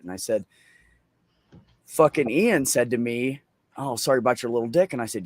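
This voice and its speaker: A man telling a funny story in a casual, profane, animated way at an open mic. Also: medium pitch, moderate pace, pauses often, dry recording.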